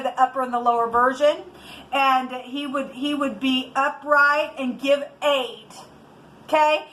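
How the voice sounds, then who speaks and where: Heated, high-voiced woman tarot reader. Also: a bit bright, slight background noise, poor audio. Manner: heated, indignant ranting. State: angry. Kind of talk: spiritual tarot reading to viewers.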